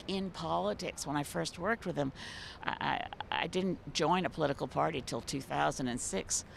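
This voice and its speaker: A woman's voice: on the low side, vocal fry, a little hiss or hum. A woman politician giving an earnest, reflective tribute as a guest in a news interview. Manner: earnest, reflective, searching for words.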